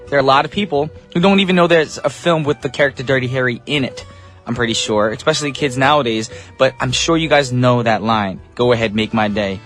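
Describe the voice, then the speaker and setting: A man's voice: medium pitch, a bit bright. A man hosting a radio show as DJ, talking in a casual, upbeat, chatty way with loose fillers, from a studio microphone.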